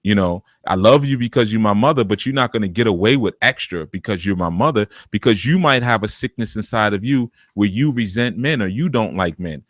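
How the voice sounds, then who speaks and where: A man's voice: lowish voice, expressive, fairly quick, few pauses, a bit bright, dry recording, clean studio sound. A man hosting a live call-in spiritual advice show, talking in a streetwise, preachy, colloquial way. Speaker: radio show host and spiritual teacher.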